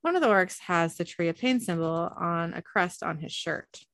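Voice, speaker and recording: A woman's voice: fairly low pitch, moderate pace, a bit bright, dry recording. Woman narrating a story, dry close sound. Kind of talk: reading a fan story aloud.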